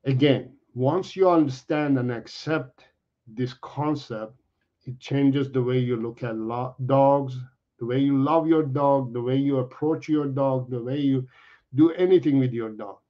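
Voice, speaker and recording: Slow, earnest male dog trainer. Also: medium pitch. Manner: earnest, repeats himself, halting restarts. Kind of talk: explaining to viewers. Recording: dull lo-fi audio.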